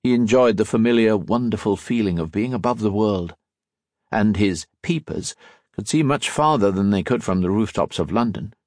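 A man reads an audiobook aloud, telling the story expressively. His voice is lowish and his pace moderate, in a clean studio recording with no echo. It's scripted narration.

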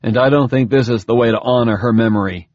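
A man's voice: mid-range voice, fast talker, darkish tone, no echo, lo-fi sound, close to an everyday voice. A man voicing a sarcastic, defiant captive in pain in an audiobook. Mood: wry, strained. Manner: terse, sarcastic.

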